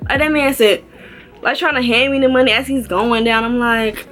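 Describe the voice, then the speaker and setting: Animated young woman telling a story. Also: normal speed, soft background music. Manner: animated, swooping up into high pitch when quoting people; loose slangy speech with restarts and laughs. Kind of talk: casual storytelling to camera.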